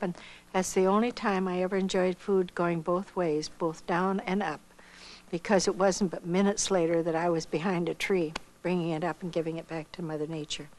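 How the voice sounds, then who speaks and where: An older woman from Iowa giving a missionary testimony, telling her story with lively acted-out dialogue. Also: lowish voice, rough recording. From Iowa, United States. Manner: animated storyteller who acts out quoted dialogue.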